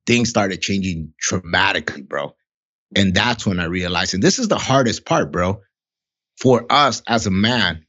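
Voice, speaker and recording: A middle-aged man with a very low, deep voice tells a raw personal story on a podcast. He talks bluntly and swears freely, earnest and heartfelt. The sound is a bit dull and lo-fi. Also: fairly bright tone. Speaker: podcast guest. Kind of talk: candid casual conversation.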